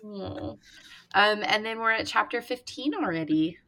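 A woman's voice: medium pitch, animated, normal speed, vocal fry, bright, forceful tone. Chatty woman quoting the book dramatically. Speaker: podcast co-host. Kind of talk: casual book discussion chat.

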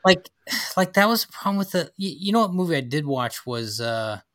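A man's voice: a little high, big pitch swings, fairly quick, a bit bright. A man co-hosting a podcast in casual chat, agreeable, often repeating himself and restarting. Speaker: podcast co-host.

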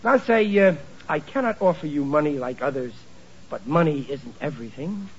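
A blustering, ungrammatical working-class father voiced by an actor, his voice high and swinging all over the place. He sounds flustered, and the recording is a muffled old 1940s radio broadcast. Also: lively intonation, moderate pace, a little hiss or hum, lightly acted. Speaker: sitcom lead. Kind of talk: 1940s radio sitcom acting.

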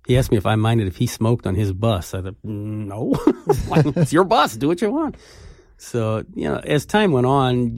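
Older male storyteller, low voice, chatty and rambling, dry close sound. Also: darkish tone, no echo. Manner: rambling anecdotes with frequent laughs. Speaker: music interviewer and writer. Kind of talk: relaxed storytelling interview.

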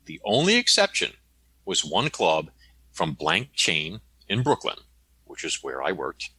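Low-voiced guy telling stories in an interview, bright punchy tone, keeps saying okay?. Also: measured pace, husky, no echo. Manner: animated, tags statements with "okay?". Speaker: interview guest, novelist. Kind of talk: conversational storytelling.

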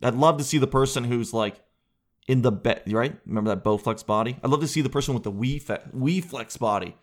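A man's voice: medium pitch, fairly quick. A man hosting a solo podcast, rambling through jokey riffs with crude asides and self-mocking tangents. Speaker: podcast host. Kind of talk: solo comedic podcast chat.

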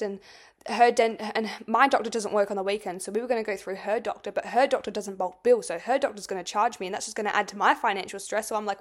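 In a fast, mid-range voice, a young woman hosting a podcast chats her way through a personal story, swearing frequently and saying "like" a lot.

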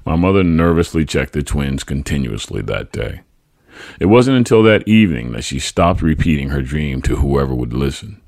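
His rumbling low voice swings widely in pitch as this podcast host dramatizes a family memoir, voicing the quoted speech loudly. He keeps a moderate pace, and the clean studio recording has no room sound.

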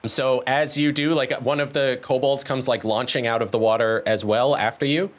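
A man's voice: mid-range voice, fairly even intonation, normal speed. A man narrating as game master, describing scenes loosely with many fillers.

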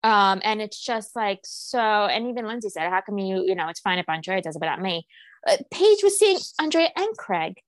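A young woman co-hosting a podcast, chatting casually and animatedly about reality TV, her pitch jumping up when she quotes people. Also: lively intonation, moderate pace, no room sound. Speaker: podcast co-host.

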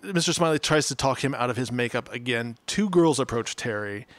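Sarcastic man co-host, lively pitch. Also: fairly quick, no echo. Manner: sarcastic, swears, jumps into jokey asides. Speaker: podcast co-host. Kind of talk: casual chat recapping a TV episode.

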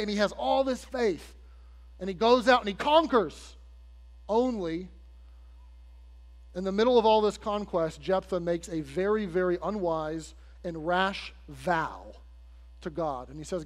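A man with a high voice preaches in a church, and his words ring out with a long hall reverb. He tells the story in a loose, chatty way, talks straight to the congregation and slips into the voices of the people in it. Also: moderate pace. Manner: conversational storytelling, addresses the congregation directly; acts out quoted characters with shifts in pitch and loudness. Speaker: pastor. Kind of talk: sermon. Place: church sanctuary. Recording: long hall reverb with faint mains hum.

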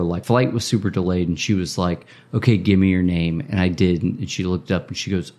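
A man from Indiana co-hosting a podcast, telling a long story in lively, casual bursts full of filler words and acted-out quotes. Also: sits low, a little fast. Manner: animated, acts out quoted speech, many filler likes. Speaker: podcast co-host.

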